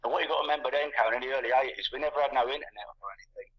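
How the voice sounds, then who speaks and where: Over muffled, lo-fi call audio, a husky, medium-pitched male voice speaks very fast. He's a guest in his sixties from England, chatting casually and rambling, with repeated words and stacked fillers.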